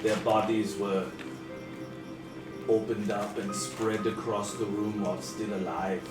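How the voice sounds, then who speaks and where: A man's voice: fairly low pitch, little pitch movement, far from the mic, natural voice. A man doing a weeping dwarf mage with a German accent. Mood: grieving. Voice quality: thick put-on German accent. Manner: grieving, halting, formal speech. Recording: echoey backyard or living room with music behind.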